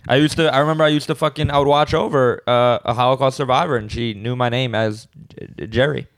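Man, podcast co-host, casual deadpan storytelling, gravelly, mid pitch. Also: fast talker, no room sound, studio quality. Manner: laid-back storytelling, deadpan bits. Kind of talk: casual comedic chat.

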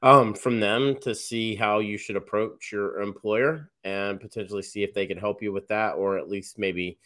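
A man with a fairly low voice hosts a live stream. He reads viewer comments and thanks people, with frequent fillers between his thoughts. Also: fairly even intonation, moderate pace, sharp tone. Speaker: host.

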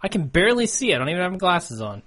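A man co-hosting a casual podcast, tossing in quick jokes and swearing. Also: sits high, very animated, fairly bright tone. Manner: joking, quick asides, swearing. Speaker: podcast co-host.

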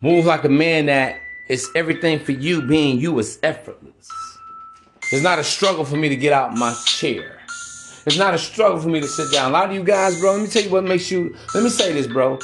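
A man hosting a podcast, giving blunt, profane dating advice in an emphatic, preachy street-talk manner. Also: on the high side. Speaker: podcast host. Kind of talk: motivational dating advice monologue.

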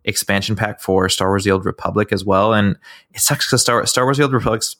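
A man's voice: lowish voice, fairly quick, a bit bright, no echo, clean studio sound. A man co-hosting a gaming podcast, chatty with stumbling restarts. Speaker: podcast co-host. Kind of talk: casual gaming podcast chat.

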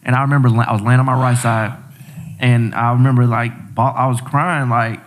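A man's voice: mid-range voice, fairly even intonation, brisk. Young dude on a podcast, talks loose and slangy, repeats stuff, does the voices when he tells a story. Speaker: podcast guest. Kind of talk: casual storytelling chat.

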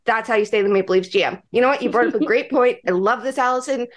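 High-voiced animated woman. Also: quick pace. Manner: animated, acts out scenes with loud put-on voices. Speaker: podcast co-host. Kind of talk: casual hockey chat.

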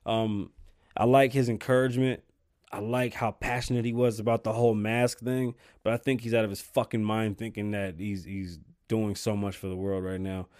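A young man hosting his own podcast, ranting casually and cursing a lot, flaring up in heated bursts and then sinking back to a low mutter. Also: level tone, moderate pace, a little mellow, dry recording, studio quality. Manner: profane, heated rants that drop to low muttering. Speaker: podcast host.

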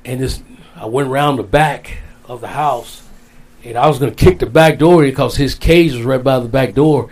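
A man's voice: medium pitch, moderate pace, darkish tone. A man as an interview guest, telling a long personal story in a casual, rambling way, repeating his phrases. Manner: rambling, repeats phrases, folksy Southern-style speech.

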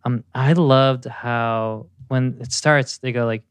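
A man co-hosting a music podcast, chatting casually and gushing about a song with many pauses and fillers. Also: medium pitch, steady tone, clear, resonant tone, no echo. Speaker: podcast co-host.

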